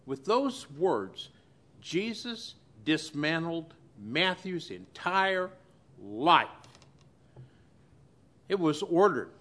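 Male pastor, sermon, slow and pausing, fairly high voice, dynamic swings. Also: big pitch swings. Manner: dramatic pauses, sharp swings between loud and hushed. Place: church.

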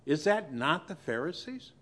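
A male pastor preaching a sermon to his church. He pauses dramatically and swings between loud and hushed delivery. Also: on the high side, very animated.

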